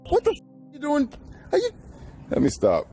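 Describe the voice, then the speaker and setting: Frantic man yelling in his car. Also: very high voice, huge pitch swings, moderate pace, soft background music. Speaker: streamer. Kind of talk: shouting at an intruder. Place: inside a car.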